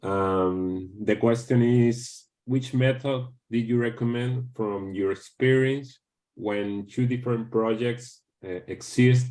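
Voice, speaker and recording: A man calling in to ask a question, speaking politely and haltingly. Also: mid-range voice, darkish tone. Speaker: caller with a question. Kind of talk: asking a question on a video call.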